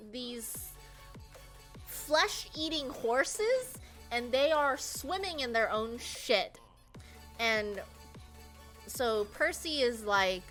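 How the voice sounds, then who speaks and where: A woman's voice: a little high, a bit bright. A young woman casually retelling a book's plot to friends, rambling and swearing, with lots of "um" and "like" and frequent laughs. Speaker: presenter. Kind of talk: casual comedic plot summary.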